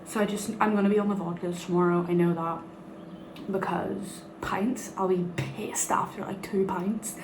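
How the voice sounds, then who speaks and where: A woman's voice: fairly low pitch, fairly even intonation, normal speed. A young woman from Northern Ireland with a Northern Irish accent, chatting casually and giggly in a vlog, swearing freely. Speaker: book vlogger. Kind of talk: casual chat to camera. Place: bathroom at night. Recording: echoey room with background noise.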